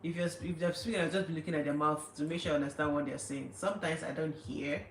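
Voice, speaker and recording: A woman with an Angolan accent talks casually on a livestream, frequently laughing and mocking people through mimicry. She speaks fast in a deep, steady voice, and the echoey room carries faint background noise.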